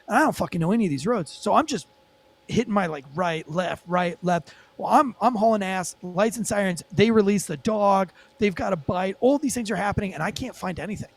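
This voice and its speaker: Man, high voice, podcast guest, animated storytelling, profane, lots of fillers. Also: fairly quick. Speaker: former police officer and podcast guest. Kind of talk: storytelling in a casual podcast interview.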